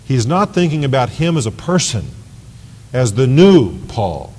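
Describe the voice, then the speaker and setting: A man delivers a sermon at an unhurried, deliberate pace, stressing key words and repeating phrases. His pitch moves animatedly up and down. The voice carries a long, echoing reverb, as if recorded in a large hall. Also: sing-song, a little mellow, breathy edge. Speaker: pastor. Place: church sanctuary.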